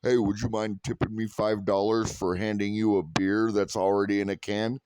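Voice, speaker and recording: A man's voice: on the low side, level tone, moderate pace, a little mellow, smooth, natural voice. A man mimicking a rude, touchy male train snack bar worker who talks indignantly and defensively. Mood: huffy.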